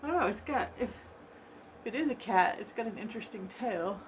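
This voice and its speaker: A woman chatting casually to her viewers from a room at home as she unboxes a gift, excitable and gushing, laughing often and repeating herself. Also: mid-range voice, brisk, slight background noise. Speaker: vlogger opening a gift box.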